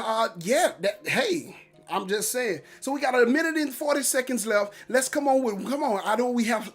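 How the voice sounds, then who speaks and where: A man hosting a casual morning livestream, hyped and upbeat, reading out viewer comments with loose, repetitive catchphrases. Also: very high voice. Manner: hyped, upbeat encouraging talk. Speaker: livestream host.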